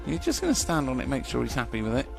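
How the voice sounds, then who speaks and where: A man's voice: medium pitch, wildly swooping pitch, rapid-fire, gravelly, soft background music. A man giving live commentary at a model car race, chatty and joking, laughing often.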